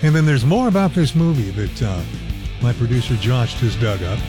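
A man's voice: medium pitch, sing-song, normal speed, over music. An older man hosting a radio talk show, speaking in a chatty, offhand way.

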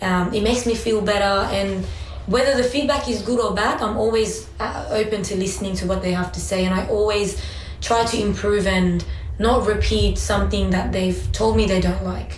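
A woman's voice: mid-range voice, steady tone, moderate pace, a little mellow, a little hiss or hum. A woman who is a mother, earnestly talking about her children in a casual parenting chat. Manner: earnest, tells stories about her kids. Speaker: guest, mother. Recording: echoey room, faint ambience.

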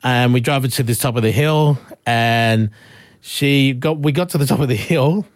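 Australian radio host telling a story, dry studio. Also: male voice, mid-range voice, normal speed, no room sound. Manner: animated anecdote, laughs often. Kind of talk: casual storytelling chat.

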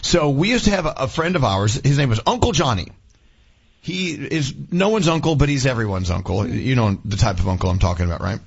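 Middle-aged male morning-show host, husky, chatty storyteller, dull lo-fi sound. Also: mid-range voice, very animated, fairly quick. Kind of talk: casual radio talk.

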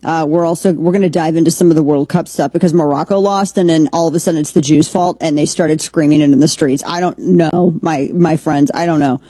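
Husky-voiced woman hosting opinionated commentary. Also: low-pitched, steady tone, brisk, hardly any pauses, dark tone, no room sound. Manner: opinionated, rambling with frequent restarts. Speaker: podcast host. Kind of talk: political commentary.

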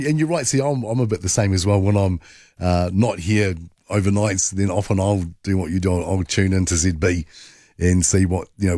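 A man's voice: deep voice, mellow, no echo, clean studio sound. A man with a New Zealand accent hosting overnight talkback radio, chatty and rambling with many fillers. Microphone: studio microphone.

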